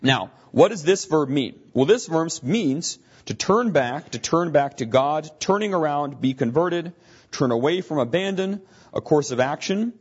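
Male Bible teacher, husky voice, talks through his points with frequent restarts, muffled lo-fi recording. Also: fairly high pitch, animated, a little slow. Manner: explanatory, thinking aloud with frequent restarts.

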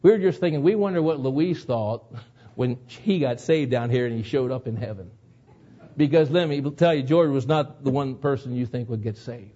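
A man's voice: mid-range voice, normal speed, dark tone, lo-fi sound. A man preaching a sermon, telling a personal story in an earnest way that builds to emotional moments. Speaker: pastor.

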